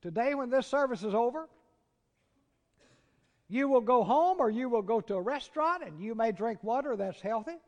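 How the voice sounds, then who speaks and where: A man with a Southern American accent preaching a sermon, dropping to hushed, drawn-out words and rising to loud, urgent cries. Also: extremely high pitch, expressive, highs cut off. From Southern United States. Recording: long reverb of a large hall.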